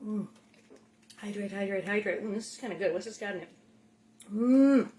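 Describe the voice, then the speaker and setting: A woman's voice: mid-range voice, moderate pace, warm tone. A middle-aged woman hosting a casual cooking show from her home kitchen, chatty and playful, with rambling asides and silly food noises.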